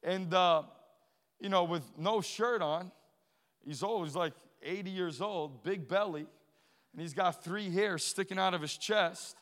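A man's voice: sits high, unhurried, fairly bright tone, in a large hall. A man from Portugal telling a personal testimony in a sermon, moving from easy storytelling to emphatic preaching.

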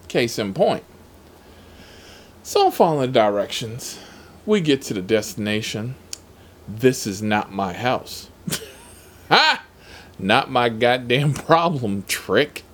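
Rideshare driver guy ranting about passengers, cussing a lot, voice swinging all over, sassy. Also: medium pitch. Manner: profane, sassy, emphatic. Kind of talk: casual storytelling vlog.

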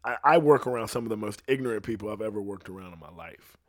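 A young adult man hosting a podcast, telling stories in a crude, profane, animated way. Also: lowish voice, fast talker, no room sound, clean studio sound. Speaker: podcast host. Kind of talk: storytelling podcast chat.

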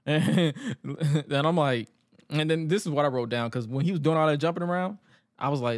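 On a podcast he co-hosts, a man casually recaps wrestling and acts out funny quotes as an animated, joking storyteller. His voice sits on the high side at a moderate pace, recorded with studio quality and no room sound.

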